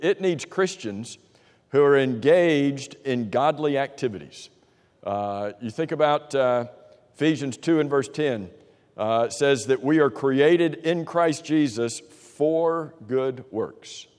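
A man's voice: medium pitch, a little mellow. A man leads a Bible class, firing questions at the group and echoing their answers back. His talk is conversational and full of restarts. A long hall reverb trails each phrase. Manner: conversational, with frequent restarts and fillers. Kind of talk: interactive Bible class teaching.

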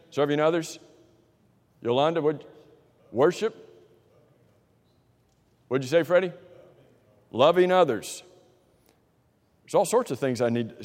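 A man's voice: fairly high pitch, unhurried, pauses often, darkish tone. A man leads a Bible class, firing questions at the group and echoing their answers back. His talk is conversational and full of restarts. A long hall reverb trails each phrase. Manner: conversational, with frequent restarts and fillers. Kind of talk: interactive Bible class teaching.

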